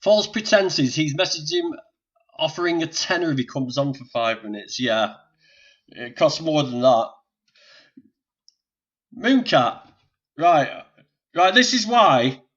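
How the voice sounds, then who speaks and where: The older Northern English host's voice is a little high and animated, but he talks slowly with long pauses. He chats and jokes with viewers on a casual live stream while dealing with technical problems, and the lo-fi audio is dull.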